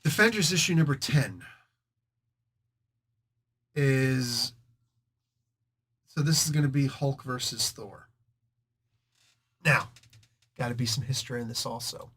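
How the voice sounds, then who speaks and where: A man's voice: medium pitch, slow, long pauses, a bit bright, husky. A man hosting a casual comic book review, retelling the story with slang and sound effects.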